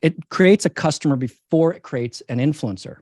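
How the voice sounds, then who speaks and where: Emphatic man pitching a business idea. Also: normal speed, darkish tone, no room sound. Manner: emphatic, persuasive, repeats key points. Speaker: company CEO, interview guest. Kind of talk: business interview answers.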